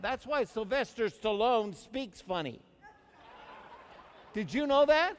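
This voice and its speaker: A male pastor delivering a sermon, moving from soft, intimate appeals to loud, animated preaching. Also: very high-pitched, slow, long pauses. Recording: long reverb of a large hall.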